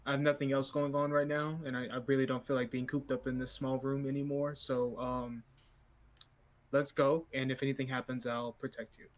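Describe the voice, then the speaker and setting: A man's voice: mid-range voice, flat delivery, moderate pace. A man with a mid-range voice speaks as his character in a tabletop role-playing game. He talks hesitantly, stumbling and restarting as he works out what his character does. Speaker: player.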